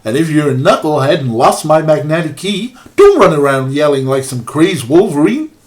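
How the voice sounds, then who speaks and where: A man voicing a jolly old male woodsman in a deliberately bad put-on Canadian accent, reading game text aloud. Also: fairly high pitch, sing-song, darkish tone. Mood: hearty.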